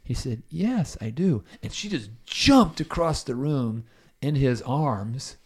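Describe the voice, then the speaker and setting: A man's voice: mid-range voice, very animated, slow pace. A middle-aged man leading a casual Bible study, telling a story and asking his listeners questions.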